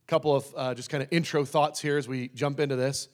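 A pastor preaching a sermon in a conversational way, slowing down to stress key phrases. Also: male voice, a little high. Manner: conversational, with restarts and emphatic slowed phrases.

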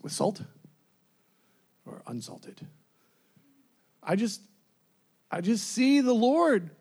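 A man preaching a sermon, animated, laughing often and acting out scenes as he goes. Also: high voice, breathy edge.

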